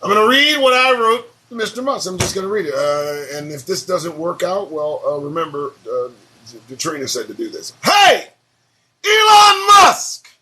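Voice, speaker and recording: A man's voice: fairly high pitch, expressive, a little fast, pushed and bright, slight background noise. A man hosting his daily morning talk show, rambling and swearing casually as he drifts between topics. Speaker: show host.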